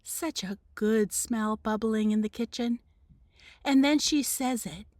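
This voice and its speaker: A woman, a teacher, reading the first chapter of a children's novel aloud in an expressive storybook manner. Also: fairly high pitch, a little slow, dry recording, studio quality.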